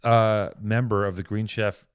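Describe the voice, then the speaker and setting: A man co-hosting a casual podcast, swearing freely, laughing often, and getting excited between ad reads. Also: fairly low pitch, measured pace, clean tone, no room sound, clean studio sound. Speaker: podcast co-host. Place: hotel room.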